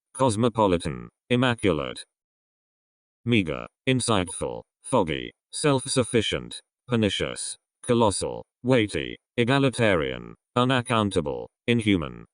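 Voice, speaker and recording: A man's voice: sits low, dry recording, clean studio sound. A man reading out an English vocabulary list word by word, each word spoken on its own with a falling list tone. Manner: reads isolated words with falling list intonation. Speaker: vocabulary reader.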